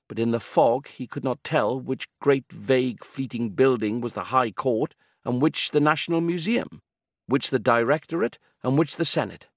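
Male narrator reading a novel, steady and calm, dry close mic. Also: mid-range voice, no room sound. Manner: measured, calm and descriptive. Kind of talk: scripted audiobook narration.

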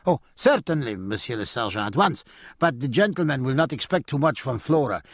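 A man's voice: mid-range voice, expressive, a little fast, dry recording, clean studio sound. A man voicing a cringing, wheedling foreign bear leader who speaks broken English. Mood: fawning.

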